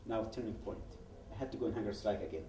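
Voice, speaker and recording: His voice is fairly low and dark, and he talks at a quick pace while a little hiss or hum runs underneath. The man, from Yemen, is a guest speaker giving personal testimony at a public event in story form, acting out the dialogue he quotes and often restarting sentences. The roomy event hall leaves him far from the microphone.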